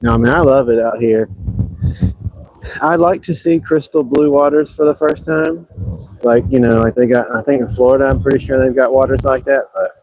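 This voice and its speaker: A man's voice: mid-range voice, steady tone, moderate pace, darkish tone, no echo, rough recording. A man chatting casually and rambling on a livestream from a beach, poking fun at himself. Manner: chatty, rambling and self-deprecating. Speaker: livestream host. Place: outdoors at an ocean beach.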